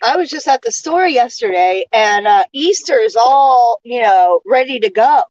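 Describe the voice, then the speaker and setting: A woman vlogging a casual monologue, airing grievances in an indignant rant that stops and restarts in halting pauses. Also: fairly high pitch, lively intonation, a little mellow, dry recording, muffled recording.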